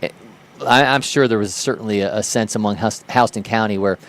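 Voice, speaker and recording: A man's voice: fairly low pitch, a little fast, fairly bright tone. A man calling live play-by-play for a baseball broadcast, lifting his voice sharply on big plays. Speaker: play-by-play commentator.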